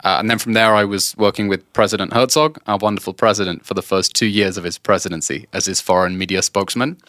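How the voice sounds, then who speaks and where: A man's voice: lowish voice, steady tone, fast, a bit bright, no room sound. A man in his thirties from England, talking in a casual podcast chat with dry, teasing humor. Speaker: podcast guest.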